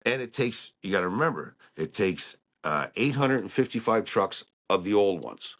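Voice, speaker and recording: A man telling stories about working on ships in a casual, animated way. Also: on the low side, moderate pace. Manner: animated storyteller who acts out quotes. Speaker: guest, ship engineer. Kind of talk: casual storytelling chat.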